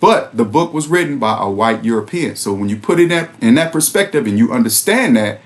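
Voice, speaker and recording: Laughing man with a lively voice. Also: medium pitch, fairly quick. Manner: laughs often, conversational and mocking. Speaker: bible study host. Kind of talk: casual commentary on scripture.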